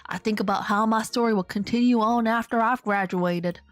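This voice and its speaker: A woman's voice: on the high side, fairly even intonation, moderate pace, no echo, soft background music, natural voice. A woman reading out a boastful Colonel Sanders in a dating game, in her own voice with a self-assured, grandiose manner. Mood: smug. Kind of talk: reading game dialogue aloud.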